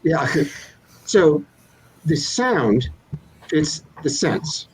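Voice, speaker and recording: A man's voice: fairly high pitch, big pitch swings, very slow, slight background noise, low-quality recording. An older man, a children's author being interviewed, explaining his craft in a thoughtful, playful way with examples. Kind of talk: relaxed interview answers.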